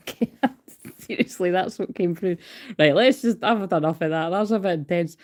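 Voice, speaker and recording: A woman's voice: lowish voice, normal speed, darkish tone. A woman doing a casual livestream card reading into a phone. She is chatty, swears freely and calls herself hyper. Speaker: tarot card reader.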